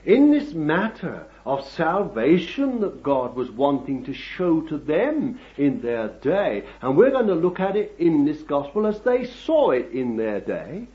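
A man preaching a sermon on a dull, lo-fi recording. He has a slightly high voice that swings widely in pitch. He speaks slowly and emphatically, with asides to his listeners, and builds to forceful preaching. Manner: drawn-out, emphatic phrasing with asides to the congregation.

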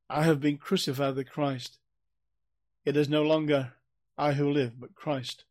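A man with a medium-pitched voice gives an earnest, emphatic expository Bible teaching, captured in a dry recording. As he explains, he often says phrases again or starts them over.

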